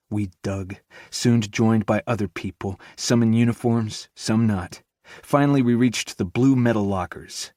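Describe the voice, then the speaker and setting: A male audiobook narrator with a fairly low voice, reading in the first person with tense intensity. The sound is close and dry, with no room echo. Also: unhurried, a little mellow.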